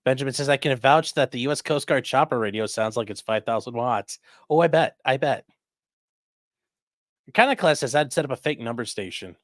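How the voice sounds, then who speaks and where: A man's voice: mid-range voice, fairly quick, dry recording, studio quality. A man hosting a casual livestream, chatting loosely and reading viewer comments aloud. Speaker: livestream host reading chat.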